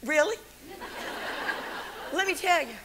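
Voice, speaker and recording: An older woman teaching the Bible to a women's church gathering in an animated, folksy sermon full of stories and laughs. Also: sits high, slow pace, a crowd in the background, noisy background. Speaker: Bible study teacher and speaker.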